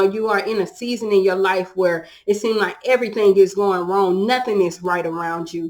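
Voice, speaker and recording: A young adult woman, sharing an emotional personal testimony in a halting way with many restarts. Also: medium pitch.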